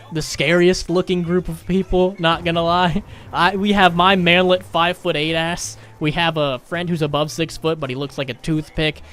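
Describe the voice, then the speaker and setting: A man's voice: fairly high pitch, a bit bright. Joking young man telling a story. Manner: rambling, self-mocking, joking storyteller. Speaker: gaming YouTuber. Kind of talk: storytime over gameplay.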